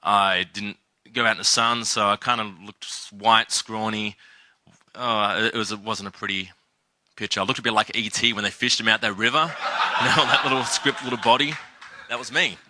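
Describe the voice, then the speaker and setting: A man's voice: lowish voice, fairly even intonation, normal speed, sharp tone. A man giving a seminar talk, telling a story and acting out the quotes. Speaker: seminar speaker.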